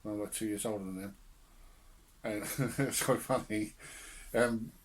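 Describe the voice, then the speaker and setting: A man's voice: fairly low pitch, fairly even intonation, unhurried. A young man on a podcast telling family stories with laughter and swearing in casual chat. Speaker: podcast co-host.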